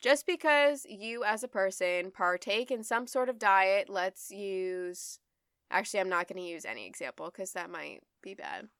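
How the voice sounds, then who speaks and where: A woman's voice: mid-range voice, normal speed, fairly bright tone, clear, resonant tone, no room sound. Young woman ranting on her podcast, drops f-bombs, hammers the same point over and over, dry close sound. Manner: blunt, emphatic, swears freely; repeats points for emphasis. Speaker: podcast host. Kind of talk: solo podcast monologue.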